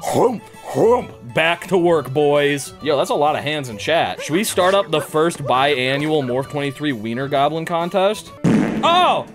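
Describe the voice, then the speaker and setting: A young man streaming a game, talking to chat in a high, lively voice. He is crude and jokey, and he keeps breaking into yelps and shouts. Faint game music plays underneath. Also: unhurried. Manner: loud, excitable, frequent yelps and shouts. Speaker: gaming YouTuber. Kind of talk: energetic gameplay commentary.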